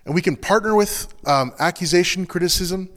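A pastor giving an earnest, confessional sermon in a loose, conversational way, full of casual fillers. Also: male voice, high voice, fairly quick, a bit bright, big-room sound.

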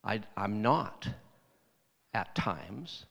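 A man's voice: on the low side, animated, very slow, gravelly, fairly bright tone. A man preaching in a conversational, folksy way, retelling talks with a lot of "I said" and "he said". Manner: folksy storytelling, repeating "I said" and "he said". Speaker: lay preacher. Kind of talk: conversational sermon. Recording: long hall reverb.

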